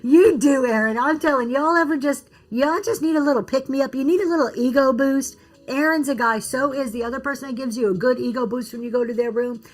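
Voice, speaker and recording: A woman giving casual business advice on a livestream, reading and answering comments from chat. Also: a little high. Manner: chatty, reads and answers comments, restarts often.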